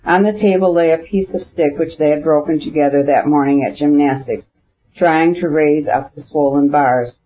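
Man reading a novel over a thin line. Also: fairly high pitch. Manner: even, measured reading with French phrases. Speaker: audiobook narrator. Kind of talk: scripted narration of a classic novel. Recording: phone-like narrow band.

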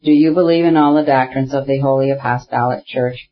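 A man voicing an elderly, good-natured priest who speaks in a hurried, customary recitative in a storybook reading. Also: medium pitch, fairly even intonation, muffled recording, natural voice.

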